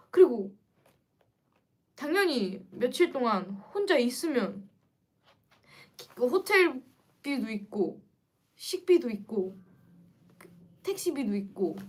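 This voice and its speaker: A young woman chatting casually to viewers on a livestream, lively and quick to react. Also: a little high. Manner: chatty and animated, switching between English and Korean. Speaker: livestream host.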